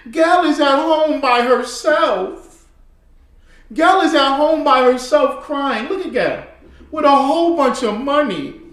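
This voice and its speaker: A man's voice: extremely high pitch, a bit bright, reverberant. A man giving heated, casual commentary. He repeats himself and talks straight to his listeners.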